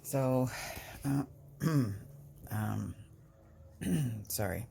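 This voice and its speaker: Lady rambling on her vlog, pitch swoops up and down a lot, talks slow. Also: expressive, creaky, mellow, slight background noise. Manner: rambling, chatty, breaks off to talk to pets. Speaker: vlogger. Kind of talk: casual storytelling.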